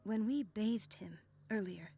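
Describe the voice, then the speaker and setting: A woman's voice: medium pitch, a little slow, creaky, mellow, faint music behind. An actress voicing a worried young female nurse who asks anxious questions in a video game.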